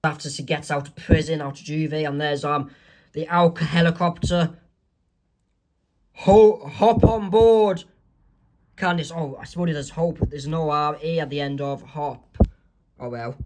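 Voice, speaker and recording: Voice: medium pitch, steady tone, normal speed. A comic creator narrating their own strip in a rambling way, full of ums and self-corrections. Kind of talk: amateur comic read-aloud.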